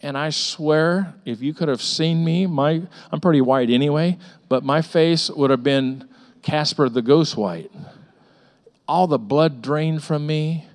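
A middle-aged male pastor delivering a sermon with a somewhat high voice. He tells personal stories in an animated way, repeating words and slipping into the voices of the people he describes. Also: unhurried. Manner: animated storytelling with frequent repetitions and acted-out voices.

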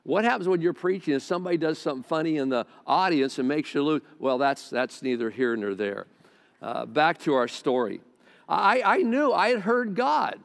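A man's voice: on the high side, animated, moderate pace, creaky. A male pastor preaching a sermon to a congregation on a close microphone, talking conversationally with stammered restarts and side remarks. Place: large hall with a congregation. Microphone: close mic near the face. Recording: long church-hall reverb.

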